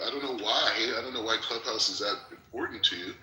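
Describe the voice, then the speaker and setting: A man's voice: mid-range voice, quick pace, sharp tone. A man in a heated argument in an audio chat room, insistent, repeating himself and stumbling over restarts. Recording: roomy echo.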